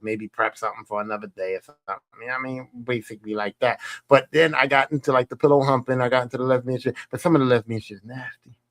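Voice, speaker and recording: A man hosting a podcast, telling crude stories in a profane, animated way, often laughing. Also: medium pitch, no room sound. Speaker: podcast host. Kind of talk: crude casual monologue.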